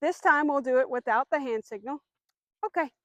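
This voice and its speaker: High-voiced woman teaching dog commands. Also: fairly quick, fairly bright tone, no echo. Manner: clear, patient explaining, firm short commands to the dog. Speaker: dog trainer. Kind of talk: instructional demonstration.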